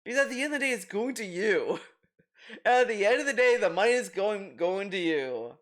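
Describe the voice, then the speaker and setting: A man's voice: high voice, expressive, normal speed, fairly bright tone. A man hosting a commentary video, reacting with rambling, restarting sentences, swearing and laughing.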